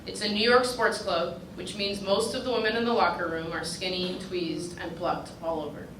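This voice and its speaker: A woman's voice: mid-range voice, fairly even intonation, normal speed. A woman reading her own personal essay aloud at a writers' retreat, in a dry, wry manner. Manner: dry, wry delivery that draws audience laughter. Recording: roomy, distant mic with background noise.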